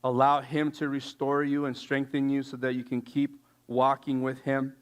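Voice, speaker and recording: A man giving a casual sermon, telling stories in an animated, slangy way with lots of fillers. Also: medium pitch, moderate pace, smooth. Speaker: youth speaker.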